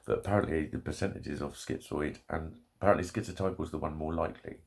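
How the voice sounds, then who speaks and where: Low gravelly man, sweary rant. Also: steady tone, fast. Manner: heavy swearing, angry ranting. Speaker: vlogger. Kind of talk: ranting monologue.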